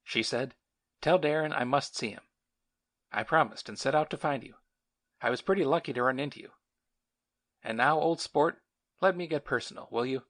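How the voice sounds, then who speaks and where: A man's voice: medium pitch, normal speed, long pauses, a bit bright, close to an everyday voice. A man voicing a frail, earnest young male war veteran who talks in an urgent, pleading way.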